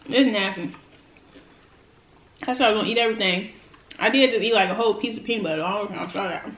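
A woman's voice: mid-range voice, fast, long pauses, a bit bright, reverberant, rough recording. A woman who hosts a food vlog, chatting casually and with lots of slang to her viewers while she tastes snacks. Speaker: food vlogger. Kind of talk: casual eating-show chat.

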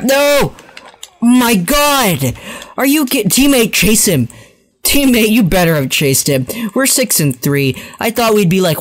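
A young man giving live commentary over a first-person shooter match, swinging between calm callouts and frustrated, excitable outbursts and self-mocking rants. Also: high voice. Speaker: gaming commentator.

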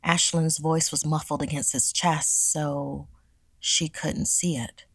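Husky low-voiced woman reading horror. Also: steady tone, measured pace, no echo. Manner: hushed, dramatic reading. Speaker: podcast storyteller. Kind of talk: scripted horror narration.

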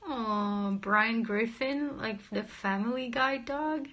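A woman's voice: a little high, slow pace, fairly bright tone. A woman casually chatting on a livestream, playful and giggly, joking with viewers and reading their comments aloud. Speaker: livestream host.

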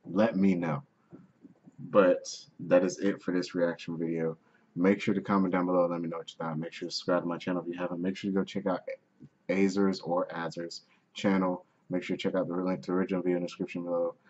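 A man's voice: low-pitched, little pitch movement, fast talker, a little mellow, breathy edge, muffled recording. A man hosting a reaction video, wrapping up casually and stumbling over a name.

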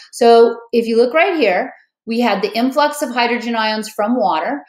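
A woman teaching biology in a chatty, upbeat way, often checking in with her students. Her voice sits a little high. She breaks into chants and a sung memory song, and the room around her is echoey. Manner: upbeat, chatty, checks in with "okay?" and "all right?". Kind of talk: recorded classroom lecture with song.

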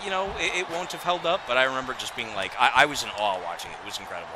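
A man hosting a casual gaming chat with friends, animated and often laughing. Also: mid-range voice, rapid-fire, over a noisy crowd. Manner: animated, laughing, frequent restarts. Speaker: host.

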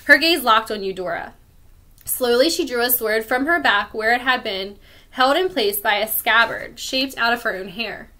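A woman, a teacher, reading a chapter book aloud to children in a friendly, clear storytelling manner. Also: a little high, normal speed, bright, forceful tone.

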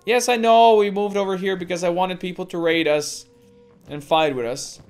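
A woman's voice: lowish voice, a little mellow. Foul-mouthed woman ranting over gameplay. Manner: swears constantly, rants at the game. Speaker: gameplay streamer. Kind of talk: let's play commentary.

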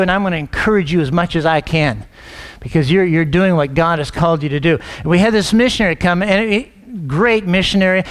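Middle-aged male pastor with a high voice, storytelling sermon delivery, repeats and restarts words. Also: fairly bright tone. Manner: storytelling, acts out quoted dialogue.

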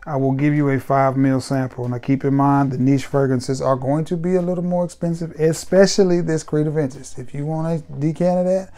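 A man reviewing fragrances in a casual, rambling talk to camera, repeating himself and signing off warmly. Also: on the high side, fairly quick, few pauses. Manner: relaxed, rambling and repetitive, with warm sign-offs.

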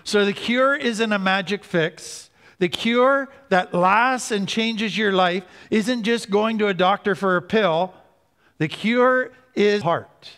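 A man's voice: high-pitched, a bit bright. Earnest man teaching in a hall. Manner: earnest, slows down for emphasis. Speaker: recovery speaker. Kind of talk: teaching talk. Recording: hall reverb.

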